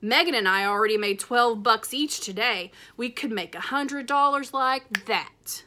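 A woman reading as a runty, stubborn little girl with a smug, defiant edge. Her tone is bright and sharp in a read-aloud storybook, quick to argue and boast. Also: fairly high pitch. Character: small, plucky little sister, smart and stubborn.

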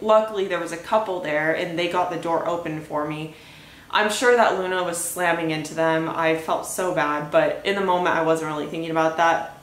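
A young woman hosting a podcast, telling a story in a casual rambling way, full of "like" and "anyway". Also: on the low side. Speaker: podcast host. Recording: echoey room with faint hiss.

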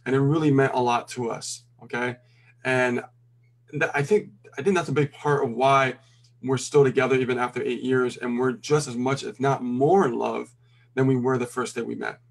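Calm man speaking with lots of fillers. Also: medium pitch, normal speed, creaky. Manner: calm, filler-heavy, checks in with "okay". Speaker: co-host. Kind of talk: casual advice talk.

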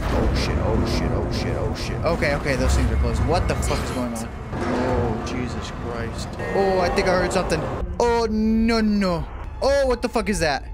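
A man commentating his gameplay, joking, swearing and yelling in bursts, then muttering low. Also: expressive, moderate pace, over loud music. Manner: loud, profane, jokey, swings between shouting and mutters. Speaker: gaming streamer. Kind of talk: let's play commentary.

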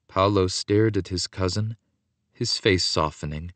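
Brief: male audiobook narrator, slow and animated, dry close sound. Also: on the low side, no echo. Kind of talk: scripted narration.

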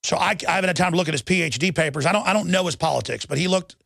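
A man with a gravelly, fry-laden voice pitched a little high holds forth on talk radio. He rambles urgently and restarts his sentences as the story runs on. The studio sound is dry and close. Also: rapid-fire, fairly bright tone, no room sound. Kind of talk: impassioned talk radio monologue.

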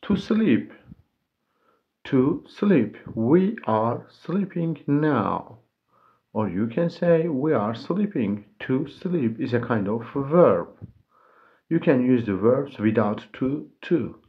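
Slow man drilling vocabulary. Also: medium pitch, lively intonation, highs cut off. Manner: repeats each word and example sentence. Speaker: English teacher.

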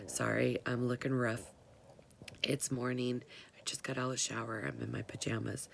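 An older woman, hoarse and half-whispering, chatting casually to her followers from home in the morning. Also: a bass voice, steady tone, normal speed, slight background noise. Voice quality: gravelly. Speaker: vlogger.

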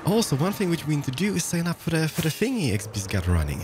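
A man's voice: fairly high pitch, big pitch swings, fast, hardly any pauses, over music. A man hosting gameplay commentary in a playful, goofy way with sing-song jokes and a groggy morning voice. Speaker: video game host.

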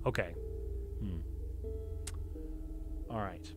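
A pastor giving excitable live-streamed gameplay commentary, now and then bursting into loud cheers. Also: male voice, a little high, normal speed, pauses often, faint music behind. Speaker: pastor streaming a video game.

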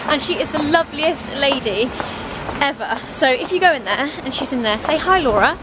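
Giggly vlogger woman in her twenties, high, animated delivery, noisy handheld audio. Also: moderate pace. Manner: giggly, bubbly, chatty. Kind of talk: casual vlog chat.

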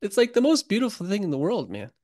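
A man's voice: sits high, huge pitch swings, fast, a little mellow, no echo, studio quality. A man guest on a podcast interview, telling stories in an earnest, emotional, casual way and calling the host buddy. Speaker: guest, construction author.

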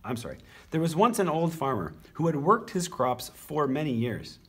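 A man reads a children's picture book aloud in an expressive, animated storytelling voice. His tone is slightly husky and his pitch rises and falls freely. He sounds like a teacher sharing a story. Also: moderate pace.

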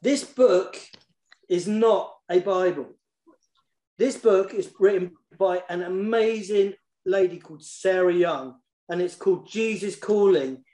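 A reverberant recording catches a man whose voice sits high, a children's poet and author chatting casually in an online session. His manner is warm and enthusiastic, and he often repeats words while looking for them.

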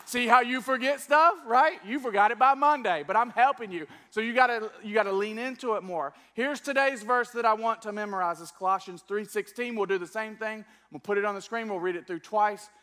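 A man preaching a teaching sermon to a church congregation, energetic and coaxing them to join in. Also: high-pitched, a little fast, few pauses. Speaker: pastor. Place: church service before a congregation.

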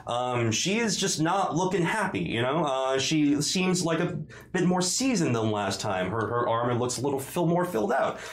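A man's voice: mid-range voice, lively intonation, moderate pace, reverberant. A man running a tabletop game as game master, laughing often and talking with many fillers.

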